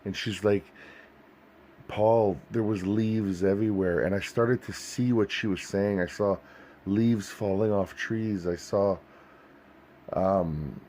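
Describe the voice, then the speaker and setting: A man's voice: lowish voice, takes it slowly, darkish tone, a little hiss or hum. A man earnestly recounting a vivid dream in a searching, storytelling way. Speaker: Christian video host.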